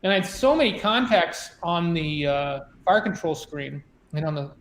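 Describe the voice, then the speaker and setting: A man's voice: on the high side, animated, normal speed, a bit bright, roomy sound, a little hiss or hum. A man, a former submarine officer, telling a story in a chatty way, full of "you know" and "like" and many restarts. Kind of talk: conversational storytelling.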